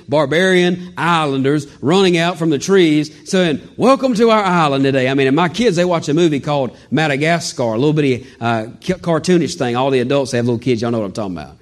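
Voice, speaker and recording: A man preaching a sermon in a folksy, animated way with joking asides. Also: on the high side. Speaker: pastor.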